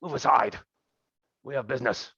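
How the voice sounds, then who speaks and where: A man's voice: medium pitch, animated, takes it slowly, vocal fry, no echo, muffled recording, voice pushed up, full character voice. A man voicing a haughty, commanding female warrior leader in a tabletop game, speaking curtly. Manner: curt and commanding.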